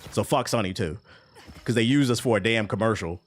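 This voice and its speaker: A man's voice: fairly low pitch, fairly quick. A man streaming a game while telling a long story in casual, slangy, profane speech. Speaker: gaming streamer.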